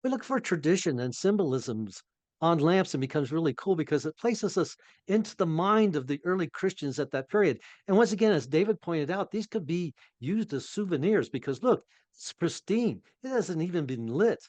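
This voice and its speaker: A man co-hosting a casual chat, enthusiastic and quick with jokes. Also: fairly high pitch, lively intonation, darkish tone, dry recording. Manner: enthusiastic, jokey interjections. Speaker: co-host.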